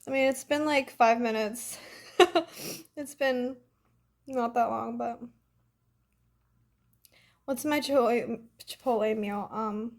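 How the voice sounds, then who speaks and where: A young woman with a fairly high voice speaks slowly and pauses often while chatting casually on a phone livestream and reading fan comments. She sounds a bit congested and breezy, saying "like" and "literally" a lot.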